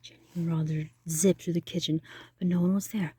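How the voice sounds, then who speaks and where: A woman reading a children's picture book aloud, with animated narration and soft, whispered asides about the pictures. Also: lowish voice, brisk, slightly rough, no echo. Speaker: reader.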